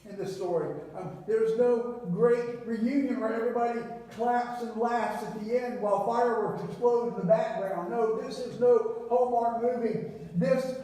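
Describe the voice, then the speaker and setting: A man preaching a sermon, telling the story with big swings between loud and hushed delivery. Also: normal speed. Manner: animated storytelling with wide swings in pitch and volume. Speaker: pastor. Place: church sanctuary. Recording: very echoey church hall, mic at a distance.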